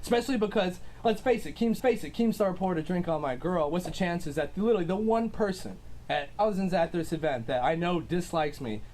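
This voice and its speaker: A man's voice: high-pitched, lively intonation, fairly quick, few pauses, darkish tone. A young man telling his side of a clash in a casual, hesitant way, full of ums and likes. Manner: rambling, hesitant, with many fillers. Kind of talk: casual storytelling.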